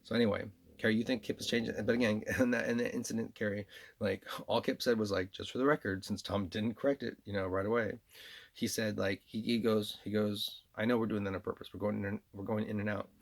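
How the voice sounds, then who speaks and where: A man's voice: lowish voice, flat delivery, fast talker, creaky. A man with a New York accent in a rambling spoken monologue, repeating himself and restarting often as he addresses absent listeners. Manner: rambling and repetitive, with frequent restarts and laughs.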